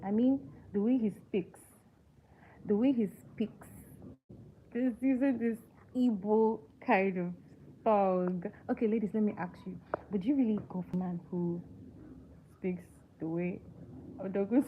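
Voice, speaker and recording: A woman chats casually on a live stream about a film she watched, often turning to her viewers with questions and filling pauses with ums. Her voice sits at a middle pitch. The sound is thin and tinny like a phone line, with a faint hiss underneath. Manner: chatty, asks viewers questions, many fillers. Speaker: livestream movie reviewer. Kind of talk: casual live movie chat.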